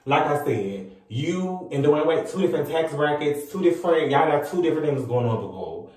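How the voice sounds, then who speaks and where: A man's voice: on the high side, lively intonation, a little fast, darkish tone, far from the mic. Sassy man ranting in an echoey room. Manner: sassy, scolding, rhetorical questions, repeats phrases. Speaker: vlogger. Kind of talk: ranting commentary to camera. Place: room with a ring light and mirror.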